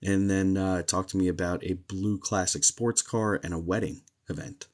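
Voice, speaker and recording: Low-voiced man chatting on a live stream. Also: moderate pace. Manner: chatty, relaxed, many ums and uhs. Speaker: psychic medium hosting a live stream. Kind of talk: casual live-stream chat and storytelling.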